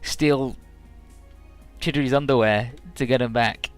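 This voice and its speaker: A man casually recapping a game's story as a let's-play commentator, full of fillers and swearing, often jumping into quick mock voices for the characters. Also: medium pitch, steady tone, faint music behind.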